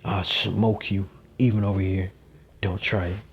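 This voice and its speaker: A man voicing a calm, confident teenage boy fighter who talks blunt, laid-back slang, in a dull lo-fi recording. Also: sits low, a little slow, a little hiss or hum. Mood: cool.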